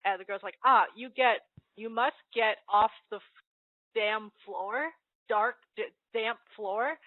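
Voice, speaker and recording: A woman reads a comic aloud in a relaxed, chatty way. She giggles often and trips over the words. Her fairly high voice comes through a tinny, phone-like line with no room sound. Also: slow pace, dry recording. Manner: giggly, stumbling and restarting while reading out lines. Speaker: host. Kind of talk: casual reading of a comic aloud. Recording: tinny phone-like dry audio.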